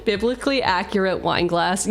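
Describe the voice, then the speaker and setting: At a moderate pace and medium pitch, a young adult woman hosts a laid-back live stream building a card-game deck. Playful and teasing, she moves between card text and banter.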